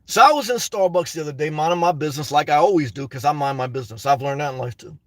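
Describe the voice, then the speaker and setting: A man's voice: fairly high pitch, fast talker, a bit bright, no room sound. A man venting and telling stories to his viewers in a rambling, casual monologue, often calling them "guys.". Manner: rambling, storytelling, frequent "guys" asides and laughs. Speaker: YouTuber.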